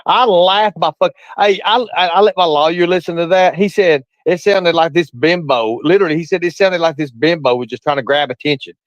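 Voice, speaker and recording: A man's voice: fairly high pitch, a little fast, hardly any pauses, no room sound, dull audio. A man, calling into a live stream and ranting bluntly and defensively with plenty of cursing. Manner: blunt, profane, defensive, repeats himself for emphasis. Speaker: guest caller on a live stream. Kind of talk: ranting casual chat.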